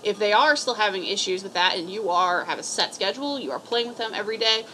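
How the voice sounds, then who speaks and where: Woman, cat rescue volunteer, casual and blunt, swears a lot, mid pitch, faint hiss behind. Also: lively intonation, fast talker, pushed and bright, low-quality recording. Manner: blunt, swears freely, rambling. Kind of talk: casual advice talk to camera.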